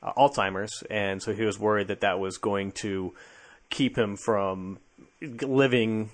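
A man's voice: on the low side, steady tone, unhurried. Man casually chatting on a podcast. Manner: conversational, easily amused. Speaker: podcast host.

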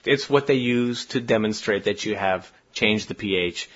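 A man's voice: fairly low pitch, moderate pace. A man co-hosting a podcast, talking casually and rambling with many restarts. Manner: rambling, restarts, trails off quietly. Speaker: podcast co-host. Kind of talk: casual chat. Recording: dull lo-fi podcast audio.

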